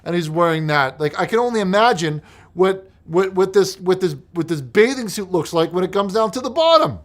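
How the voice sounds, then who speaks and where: A man with a fairly high speaking voice hosts a comedic mock-preacher call-in show. He reads viewer messages in a low mumble, then bursts into loud, exasperated rants. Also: lively intonation, fairly quick. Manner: swings from mumbled reading to loud exasperated ranting.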